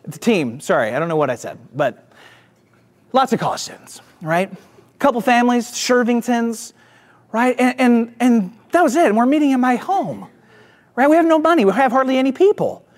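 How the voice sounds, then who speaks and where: A man's voice: very high-pitched, very animated, normal speed. A pastor with a Southern US accent, preaching and telling a self-deprecating story to his church. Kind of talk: sermon.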